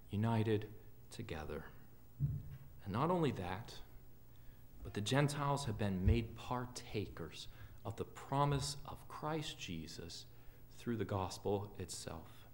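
A man preaching a sermon as a pastor in a church, earnest and often dropping quiet at the ends of phrases. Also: mid-range voice, slight background noise. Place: church sanctuary.

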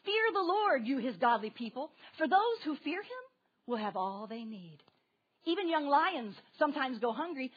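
High-voiced woman preaching animatedly. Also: slightly rough, dull audio. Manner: animated, questions the listeners directly. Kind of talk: sermon to a congregation with children.

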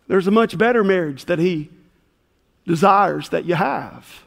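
A high-voiced pastor preaches at an unhurried pace, vocal fry creeping into his words. He tells a lively story and voices each of its characters, his sermon echoing with long hall reverb through the church sanctuary.

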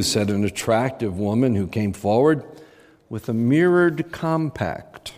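A man's voice: medium pitch, measured pace. Male preacher telling a story in a reverberant hall. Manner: animated storytelling. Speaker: pastor. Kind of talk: sermon storytelling.

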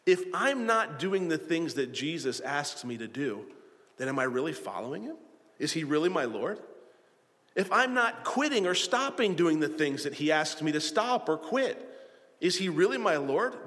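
A man's voice: a little high, fairly bright tone. A man preaching a sermon as pastor, earnest and plain-spoken, often repeating his phrases and acting out quoted voices. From South Florida. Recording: hall reverb.

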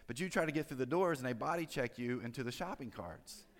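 A man's voice: fairly high pitch, quick pace, hardly any pauses, in a large hall. A pastor giving a conversational sermon, drawing his listeners in with friendly tag questions.

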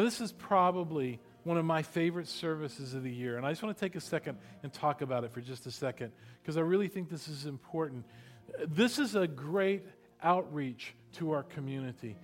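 A man pastor closing a sermon with a soft prayer, then giving upbeat, joking church announcements. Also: fairly high pitch.

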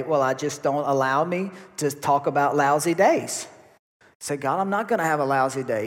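A man, a pastor, preaching a sermon with emphatic, repetitive delivery, married with kids. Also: fairly high pitch. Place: church sanctuary. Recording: long hall reverb.

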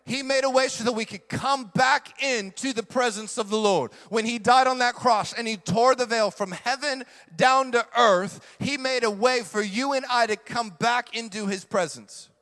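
A middle-aged male pastor preaching with emphatic force and repeating his key lines. His voice sits high and rings bright. Long reverb from a large hall trails every phrase. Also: normal speed, hardly any pauses. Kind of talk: sermon.

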